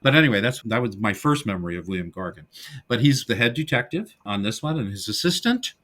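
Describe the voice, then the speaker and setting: Lively middle-aged man retelling film scenes. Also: lowish voice, fast talker. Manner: animated storyteller, acts out the film's lines in character. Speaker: podcast co-host. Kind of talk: casual film discussion.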